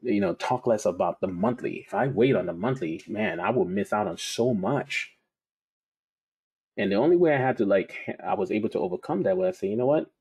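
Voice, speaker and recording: A man's voice: lowish voice, lively intonation, brisk, gravelly, a little mellow, husky. A man teaching about trading in a casual, conversational way, telling stories and repeating his key points. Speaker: trading educator.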